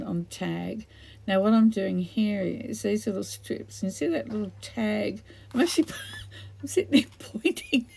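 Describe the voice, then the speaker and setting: A woman's voice: on the low side, vocal fry, mellow. A middle-aged woman chatting casually while crafting, rambling and laughing often. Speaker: craft video host.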